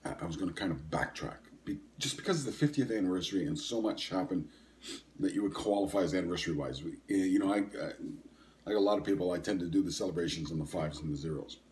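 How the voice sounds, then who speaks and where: A man's voice: low-pitched, fast talker, a little mellow. A man in his sixties hosting a podcast, chatting casually in a rambling, hesitant way with lots of ums and self-corrections. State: coughing and sniffling. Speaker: podcast host. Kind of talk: casual solo podcast chat.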